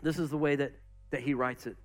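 A man preaching a sermon as pastor, lively and casual, acting out quotes and asides. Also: medium pitch, brisk.

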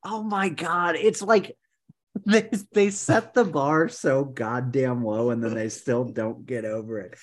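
Podcast co-host, mid pitch, sarcastic profane ranting, casual sports chat. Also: takes it slowly.

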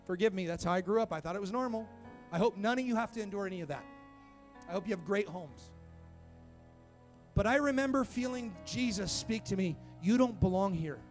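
Young male pastor, fairly high voice, lively storytelling sermon, soft music underneath. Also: fairly quick. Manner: animated storytelling preacher, rising to emphatic calls. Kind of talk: sermon to youth and church. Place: church sanctuary.

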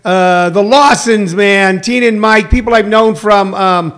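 Male live-stream host from Missouri, higher-pitched voice, halting and full of ums and uhs. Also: a bit bright. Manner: rambling, halting, full of filler sounds, greets viewers by name. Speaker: host of an online show. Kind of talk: casual live-stream chat.

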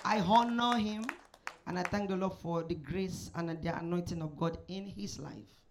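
Soft-spoken woman pastor opening a sermon. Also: on the low side. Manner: soft, measured, with frequent amens and hallelujahs. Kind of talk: sermon introduction. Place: church service.

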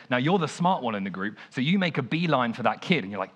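A young man giving an informal sermon in a chatty, storytelling voice. He swings widely in pitch and volume, dropping low and quiet, then lifting for emphasis. His talk is full of "like" and casual asides. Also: a little fast, few pauses. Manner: animated, conversational, frequent "like". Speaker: preacher.

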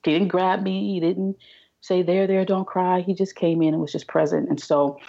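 Woman, podcast guest, low and gravelly, halting storyteller. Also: fairly even intonation, dark tone, highs cut off. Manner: halting, many restarts and repeated words. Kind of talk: casual interview storytelling.

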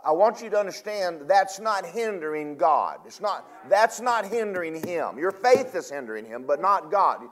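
Preacher man, swinging loud to quiet. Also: sits high, very animated. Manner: swings from loud emphatic bursts to quiet, drawn-out asides; retells scripture in conversational paraphrase. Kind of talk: sermon.

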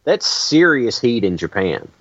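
A man hosting a casual chat, telling stories with lively energy and frequent laughs. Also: medium pitch, measured pace, highs cut off, crowd noise. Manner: animated storytelling, laughs often.

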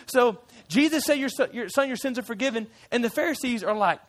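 A church group hears a story from a man portraying a folksy fisherman disciple looking back on his memories, told with playful chatter and asides. His very high voice is animated and fairly quick, with a fairly bright tone.

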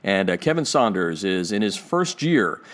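A man's voice: low-pitched, sing-song, normal speed, a bit bright. A man from Pennsylvania hosting a podcast interview, chatty and self-deprecating, with many fillers. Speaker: podcast host.

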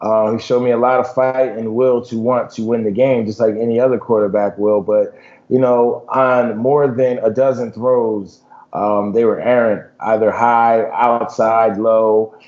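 A man's voice: mid-range voice, steady tone, measured pace, a little mellow, lo-fi sound. A man co-hosting a sports podcast, a former football player chatting casually with lots of "you know" and "man".

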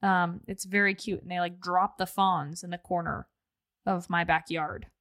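A woman's voice: on the low side, fairly even intonation, normal speed, a bit bright, dry recording. Young woman, podcast co-host, chatty, playful, dry close sound. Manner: chatty and laughing, self-deprecating. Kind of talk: casual podcast chat.

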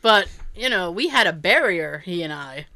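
A woman telling a travel story on a casual chat podcast, animated, swearing freely and laughing often. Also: lowish voice, normal speed.

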